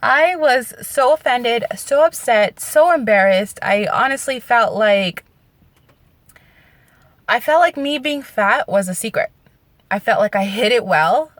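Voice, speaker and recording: A woman's voice: fairly high pitch, animated, a little slow, a bit bright, no room sound. A woman telling a personal story in a vlog, earnest, candid and emotional. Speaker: vlogger.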